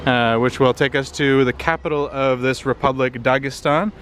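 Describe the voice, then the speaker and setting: Filmed on a handheld compact camera, this travel vlogger walks city streets outdoors, a tired Canadian man who rambles in a relaxed way, filling his talk with fillers. His pitch is medium, his speed normal, and there's slight background noise.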